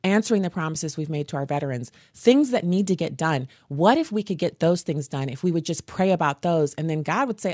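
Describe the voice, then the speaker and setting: A woman hosting a faith podcast, telling stories in an animated, earnest way. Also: low voice, a little fast, few pauses, no echo, clean studio sound. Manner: animated, earnest storytelling with laughs. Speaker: podcast host. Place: home studio.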